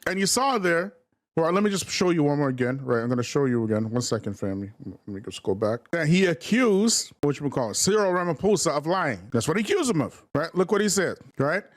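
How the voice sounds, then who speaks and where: A man's voice: on the high side, big pitch swings, brisk. A man hosting a livestream commentary, talking in a preachy, repetitive way and calling his viewers family. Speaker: host.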